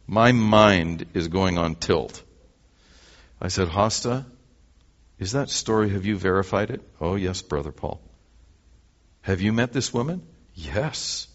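A low-voiced Canadian man delivers a sermon as a story, voicing the people in it. The sound is a bit dull and lo-fi. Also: slow pace, long pauses. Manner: animated storyteller acting out dialogue. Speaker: preacher.

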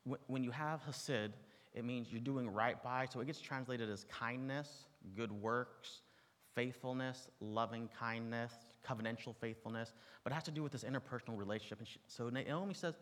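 A man's voice: medium pitch, moderate pace, a bit bright. A man preaching a sermon to an audience, teaching in a conversational way with asides and touches of humor. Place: large room with an audience. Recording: long reverb from a large hall.

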